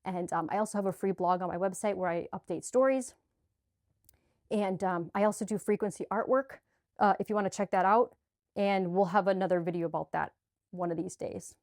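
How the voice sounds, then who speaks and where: A woman's voice: mid-range voice, fairly even intonation, fairly quick, a little mellow, no room sound, clean studio sound. A woman talking straight to her viewers in a heartfelt spiritual vlog, earnest and gushing, sweaty and a little choked up. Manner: earnest, gushing, with restarts and filler. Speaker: spiritual vlogger. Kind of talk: heartfelt direct-to-camera vlog.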